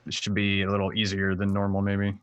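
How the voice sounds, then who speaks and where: A man's voice: on the low side, completely flat delivery, a little fast, fairly bright tone, clean tone, dry recording. A man playing a tabletop role-playing game, speaking casually and bluntly. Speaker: player.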